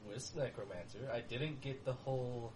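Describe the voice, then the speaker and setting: A man's voice: medium pitch, moderate pace, distant mic, background noise. A man playing a tabletop game, chatting in an easygoing way. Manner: easygoing, laughs along. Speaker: player. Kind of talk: casual tabletop game chat.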